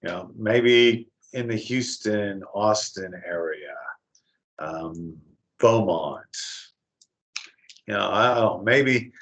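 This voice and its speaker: A man's voice: lowish voice, slow, pauses often, a bit bright, low-quality recording. A man giving an earnest warning talk, with frequent filler words and hesitations. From West Texas. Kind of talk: lecture-style talk.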